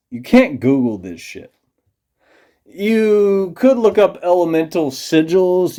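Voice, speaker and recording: Man, tipsy vlogger, rambling profane conspiracy rant, dark mellow tone. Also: fairly high pitch. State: tipsy from drinking beer. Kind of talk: rambling monologue to camera.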